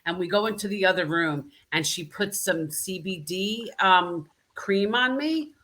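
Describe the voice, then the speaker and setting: A woman hosting a live video chat, animated and talkative, often tagging her points with "right?". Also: fairly low pitch, unhurried. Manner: animated, frequent "right?" tags. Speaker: host. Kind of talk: casual live-stream chat.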